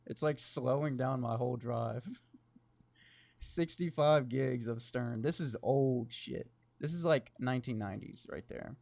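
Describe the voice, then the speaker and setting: A man at a middle pitch co-hosts a podcast, rambling, cursing freely and breaking into laughter. His voice is deep and crackly from the morning. The sound is close and dry, with no room echo. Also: measured pace, creaky, darkish tone. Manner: rambling, profane, laughs often. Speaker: podcast co-host. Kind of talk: casual chat.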